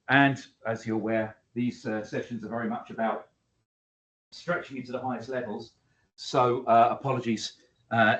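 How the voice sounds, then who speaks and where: Emphatic male teacher in an echoey hall. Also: medium pitch. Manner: emphatic, varies loudness, many fillers. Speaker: English teacher. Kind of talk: lecture to students. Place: school hall. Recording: echoey hall, dull lo-fi sound.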